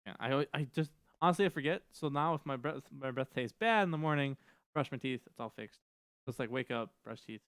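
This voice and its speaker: A man's voice: mid-range voice, fast talker, fairly bright tone, clean tone, no echo, studio quality. A young man from Minnesota co-hosting a podcast, chatting in a loose, jokey way. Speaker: podcast co-host. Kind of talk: casual chat.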